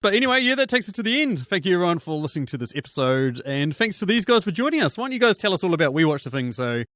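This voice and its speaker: A man's voice: sits high, sing-song, very fast, fairly bright tone, no room sound, clean studio sound. Chatty man hosting a podcast. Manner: laughs often, acts out lines in a mocking voice. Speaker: podcast host. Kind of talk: casual podcast chat.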